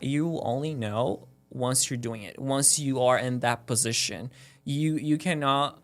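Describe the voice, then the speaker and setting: A man speaks as a podcast guest in a relaxed, earnest way, pushing a motivational point. His middle-pitched voice sounds like his everyday voice, and he strings his thoughts together with frequent "like"s. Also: measured pace. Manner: earnest, motivational, rambling with many "like"s. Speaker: guest, esthetician. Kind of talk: casual podcast chat.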